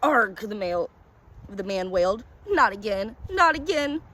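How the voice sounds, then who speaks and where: A woman's voice: mid-range voice, normal speed, natural voice, low-quality recording. A woman reading a story, voicing a cursed, obsessed ghostly male orchid collector who moans in anguish. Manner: moaning, anguished and desperate.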